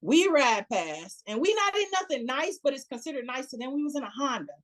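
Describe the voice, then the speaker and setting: A woman with a Chicago accent tells a story as a podcast guest in a relaxed, chatty way. She acts out what people said and laughs often. Her voice sits fairly high. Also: a little fast. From United States. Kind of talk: casual storytelling.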